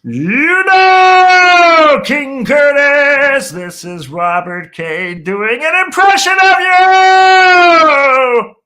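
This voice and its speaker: A man doing an impression of a brash adult male wrestling announcer, shouting in a drawn-out style. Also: very high-pitched, animated, pitched above the performer's own voice, heavily acted. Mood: bellowing.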